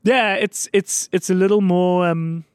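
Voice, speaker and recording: A man hosting a casual chat show, his voice sitting a little high for a man and his talk rambling and full of fillers. The sound is close and dry, with no room in it. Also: fairly even intonation, clean tone, dry recording. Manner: rambling, quick, swears casually, lots of fillers. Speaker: podcast host running a mock video store.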